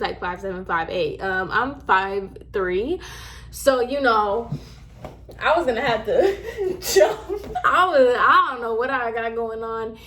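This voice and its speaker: A woman in her twenties telling a casual story to camera, animated and emphatic as she acts out scenes. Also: fairly high pitch.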